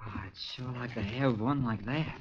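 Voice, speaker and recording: An actor playing an eager, taunting teenage sidekick in a 1940s radio drama. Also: male voice, medium pitch, moderate pace, dull audio, lightly acted.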